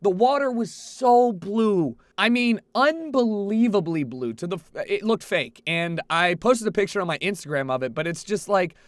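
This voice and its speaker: A young man vlogging a rambling party story, animated, with frequent restarts and swearing. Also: sits high, moderate pace, hardly any pauses, no room sound. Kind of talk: casual storytelling. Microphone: headset.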